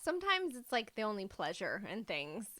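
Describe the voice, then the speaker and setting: A woman's voice: mid-range voice, wildly swooping pitch, moderate pace, no room sound. A woman co-hosting a podcast in casual chat, joking darkly and laughing often. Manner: laughs often, dark jokes. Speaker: podcast co-host.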